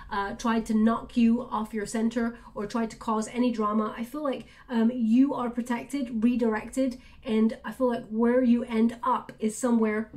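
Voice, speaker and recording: A woman reading tarot cards, speaking in a soft, reassuring, chatty way with many fillers. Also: on the high side. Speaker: tarot reader. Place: indoors at a table.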